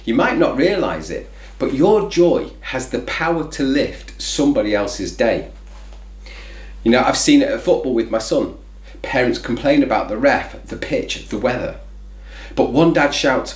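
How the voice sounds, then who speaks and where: A man's voice: mid-range voice, expressive, unhurried, echoey room. A man hosting a reflective faith talk, speaking conversationally with lots of "you know" fillers. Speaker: faith video host.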